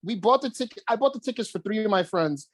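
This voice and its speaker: A man co-hosting a podcast, telling a story in casual chat, animated and swearing freely. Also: sits high, fast talker, no echo. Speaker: podcast co-host.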